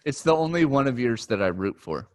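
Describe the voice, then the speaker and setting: A man co-hosting a golf podcast, talking in a relaxed, chatty way with frequent ums. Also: medium pitch, fairly quick. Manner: relaxed, chatty, says um often. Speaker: podcast co-host. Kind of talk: casual chat.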